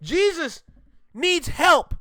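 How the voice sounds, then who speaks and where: A man hosts a reaction video, speaking casually and with lots of energy, joking around, faking outrage, and stretching words out slowly for emphasis. His voice is very high-pitched, and the recording is clean studio audio with no echo.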